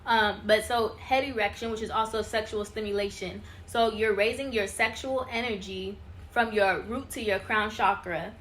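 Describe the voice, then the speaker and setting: A woman teaching spiritual ideas on her own channel in a casual, chatty way. She gets excitable and keeps talking straight to her viewers. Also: mid-range voice, moderate pace, a little hiss or hum. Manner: addresses viewers as y'all and you guys. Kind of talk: casual teaching talk over slides.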